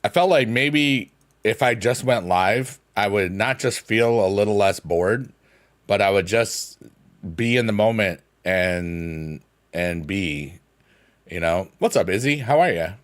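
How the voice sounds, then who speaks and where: A man's voice: fairly low pitch, expressive, a little slow. A young man chatting casually on a live stream while gaming, rambling and playful with silly sing-song noises.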